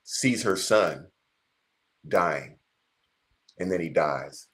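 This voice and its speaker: Low-voiced pastor telling a story. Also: male voice, expressive, extremely slow, fairly bright tone. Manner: earnest storytelling, speaks to viewers directly. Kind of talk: casual chat.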